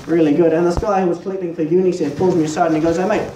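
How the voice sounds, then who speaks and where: A young man with a New Zealand accent doing a stand-up comedy set, deadpan, profane and self-mocking. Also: fairly high pitch, racing. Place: small pub stage. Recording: echoey pub room, mic far off, noisy.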